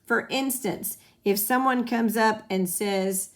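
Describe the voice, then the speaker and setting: A woman's voice: mid-range voice, a little slow, few pauses. A woman teacher explaining grammar in a recorded lesson, patient and repeating key points for emphasis. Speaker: Spanish teacher.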